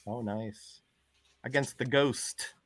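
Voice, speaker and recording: A man chatting casually on a video call about comics, enthusiastic with quick reactions. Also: medium pitch, fairly bright tone, a little hiss or hum. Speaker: comic collector. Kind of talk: casual chat.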